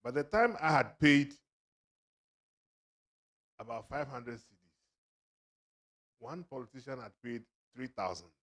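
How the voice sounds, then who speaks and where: A man's voice: mid-range voice, expressive, measured pace, long pauses, fairly bright tone. A man auctioneering at a book launch, teasing buyers and laughing often. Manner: jovial, teasing, bursts of laughter. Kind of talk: lively fundraising banter. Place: event hall.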